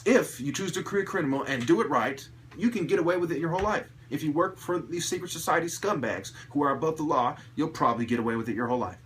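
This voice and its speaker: A man with a somewhat high voice rants to camera. He swears freely and swings into sudden loud outbursts, repeating and restarting his phrases as he goes. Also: animated, fast talker, hardly any pauses, a little hiss or hum. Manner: agitated, profane ranting with sudden loud outbursts. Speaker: vlogger. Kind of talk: angry monologue to camera.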